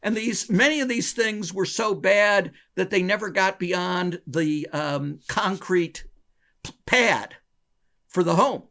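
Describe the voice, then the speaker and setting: A man being interviewed, a former bank regulator telling a long story in a lively, chuckling way with wide swings in his voice. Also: slow pace. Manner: animated, wide pitch swings, chuckles between phrases.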